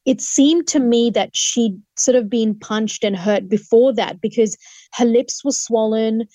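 A woman's voice: fairly high pitch, measured pace, dark tone, no room sound. A woman telling a personal testimony as an interview guest, earnest and vivid, with restarts and acted-out quotes.

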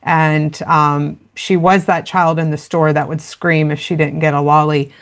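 A woman's voice: low voice, little pitch movement, a little slow. A woman guest in a conversational interview, explaining parenting in an earnest, practical way and acting out little quoted exchanges.

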